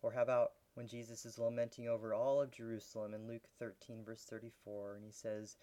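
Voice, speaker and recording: A man preaching a sermon as a pastor, teaching in an earnest way with soft laughs and growing intensity. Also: mid-range voice, flat delivery, a little fast.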